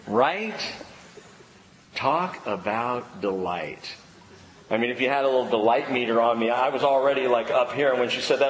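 A man preaching a sermon to a congregation, lively, stretching out key words for emphasis. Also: mid-range voice, normal speed, a little hiss or hum. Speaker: pastor. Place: church sanctuary. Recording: long hall reverb, faint ambience.

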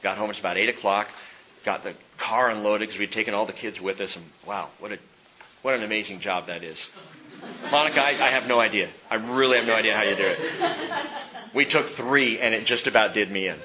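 A man in his forties, a pastor preaching a sermon, who shifts from hushed, slow emphasis to loud, high-pitched exhortation. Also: muffled recording, background noise. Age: 40s.

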